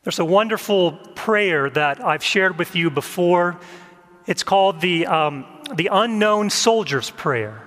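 A man preaching a sermon as a pastor, gentle and measured, reflecting on letting go. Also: high-pitched, lively intonation, long reverb tail. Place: church.

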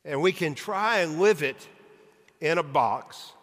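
A man's voice: on the high side, lively intonation, slow pace, fairly bright tone. A male pastor preaching an earnest sermon with rhythmic, emphatic lists. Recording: long reverb of a large hall.

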